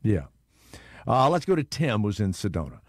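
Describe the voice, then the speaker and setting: A man from Louisiana hosts call-in talk radio. His pitch rises and falls a lot as he rambles through profane, opinionated rants and takes callers. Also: big pitch swings, normal speed, darkish tone, dry recording, clean studio sound. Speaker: radio talk show host.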